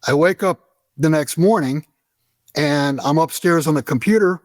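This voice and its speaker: A middle-aged American man telling a story as an interview guest, animated and profane, acting out the dialogue. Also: fairly high pitch, normal speed, no room sound. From United States.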